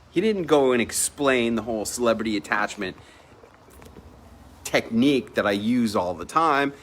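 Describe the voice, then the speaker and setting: At a villa at sunset, an entrepreneur tells a personal story to camera in a mid-range, slightly bright voice at normal speed. He's casual, emphatic and boastful, swearing freely and acting out the people he quotes.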